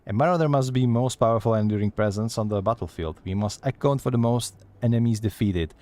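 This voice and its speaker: A man's voice: medium pitch, fast talker, darkish tone, lightly acted. A man voicing a stern, blunt male axe master from a game, reading his lines in a direct, solemn way. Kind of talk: reading game dialogue aloud.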